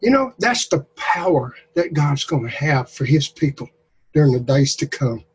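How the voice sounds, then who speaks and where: A man, leading a group discussion and telling folksy, animated Bible stories. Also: fairly high pitch, moderate pace, a little hiss or hum, poor audio. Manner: animated, drawling, acts out stories. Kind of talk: folksy preaching and storytelling.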